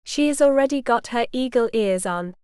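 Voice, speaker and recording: A woman narrating a romance audiobook in the first person, with light, steady storytelling. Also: a little high, normal speed, clear, resonant tone, no room sound, clean studio sound.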